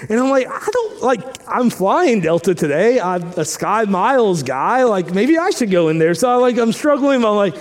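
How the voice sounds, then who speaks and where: A man preaching a sermon, telling a story with lively acted-out dialogue, then turning quiet and earnest. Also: high voice, normal speed, few pauses. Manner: animated storytelling, acting out dialogue; drops soft and quiet when earnest. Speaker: pastor. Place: church sanctuary.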